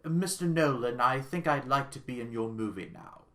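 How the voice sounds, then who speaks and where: A man putting on a calm, otherworldly male rock star, making a polite mock request. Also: medium pitch, normal speed, reverberant.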